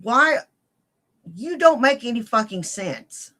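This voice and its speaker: A woman's voice: fairly high pitch, sing-song, slow, bright, forceful tone. A woman in a played clip, ranting furiously and cursing heavily as she accuses someone. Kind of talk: angry profane rant.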